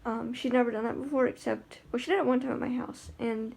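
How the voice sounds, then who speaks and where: A woman's voice: fairly high pitch, fairly even intonation, quick pace, vocal fry, darkish tone, husky. A woman talking in a casual vlog about life with her guide dog, chatty and rambling with lots of fillers and restarts.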